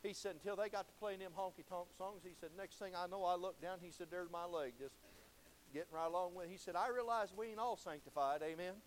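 A man preaching in a church, his voice sitting fairly high for a man. He talks in a folksy preaching style. He swings between loud cries and low, intense stretches. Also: brisk, a little hiss or hum. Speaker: pastor. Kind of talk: sermon.

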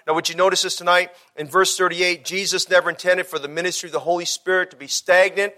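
A man's voice: high voice, steady tone, quick pace, hardly any pauses, bright, forceful tone. A man preaching a sermon, emphatic and repetitive, putting rhetorical questions to the congregation.

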